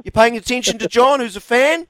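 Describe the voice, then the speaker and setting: A man's voice: very high voice, fairly quick, dry recording. A man hosting talkback radio, bantering and teasing callers. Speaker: radio host.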